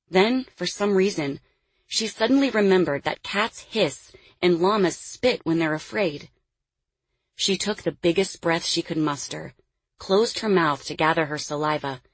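Brief: woman narrator for fiction, husky low voice, dry close recording, measured pacing. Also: no echo. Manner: measured storytelling, dropping quiet on dialogue tags. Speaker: audiobook narrator. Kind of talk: scripted narration.

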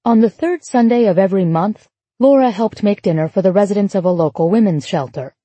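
A female audiobook narrator reading a novel in an even, literary way. Her voice is warm and mellow with a breathy edge. The recording is close and dry. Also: medium pitch, fairly quick, dry recording. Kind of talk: scripted narration.

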